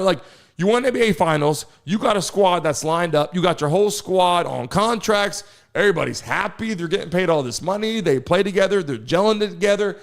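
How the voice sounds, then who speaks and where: A man hosting a live sports news show, talking casually and excitably, throwing rhetorical questions to his chat. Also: sits high. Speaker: host.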